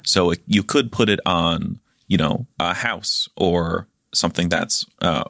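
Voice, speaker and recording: A man co-hosting a casual book discussion podcast, talking haltingly with frequent pauses and restarts. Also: low voice, creaky, sharp tone, dry recording, studio quality. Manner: halting, many fillers and restarts. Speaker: podcast co-host.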